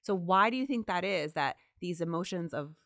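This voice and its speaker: A woman's voice: lowish voice, lively intonation, moderate pace, a bit bright, no echo, clean studio sound. A woman co-hosting a conversation, asking curious, engaged questions. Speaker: podcast co-host. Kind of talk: conversational interview.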